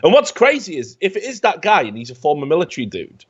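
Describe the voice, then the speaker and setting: A man's voice: on the high side, fast, slightly rough, lo-fi sound. A man hosting a casual comedy show, reading online comments aloud and mocking them with sarcasm and frequent swearing. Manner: animated, sarcastic, swearing freely. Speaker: host.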